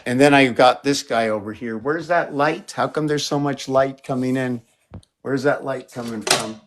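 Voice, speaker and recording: A man showing his paintings on a live stream, talking in a rambling, playful way and jumping from excited exclamations to muttering. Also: medium pitch, normal speed, background noise. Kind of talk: casual live-stream chat.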